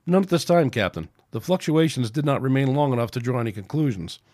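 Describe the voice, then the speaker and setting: A man's voice: medium pitch, lively intonation, fast, darkish tone, close to an everyday voice. A man voicing a logical, unemotional male Vulcan science officer, speaking in a precise, formal way.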